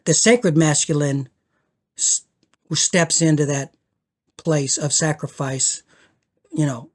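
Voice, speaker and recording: An older man, a guest on a spiritual podcast, talking reflectively and earnestly, often restarting and repeating words as he searches for them, slowing for emphasis and swelling when moved. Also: fairly high pitch.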